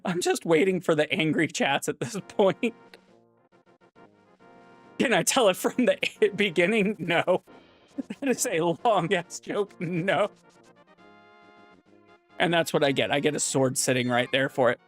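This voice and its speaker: A man's voice: fairly high pitch, unhurried, long pauses, fairly bright tone, soft background music. Rambling man spinning a long joke. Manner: rambling, full of fillers and self-corrections. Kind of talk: telling a long joke on stream.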